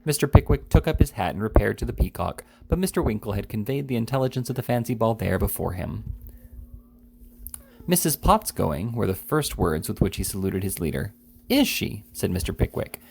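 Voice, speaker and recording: A man reading a classic novel aloud in an unhurried way, now and then correcting a slip. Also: lowish voice, creaky, warm tone, slight background noise. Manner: unhurried, with small slips and self-corrections. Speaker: audiobook reader.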